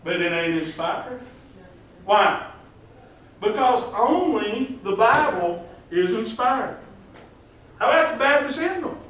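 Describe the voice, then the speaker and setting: A man's voice: very high voice, expressive, slow, long pauses, a bit bright, slight background noise. A man preaching a folksy sermon as pastor, joking and asking the congregation questions. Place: church hall. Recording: echoey hall, distant mic.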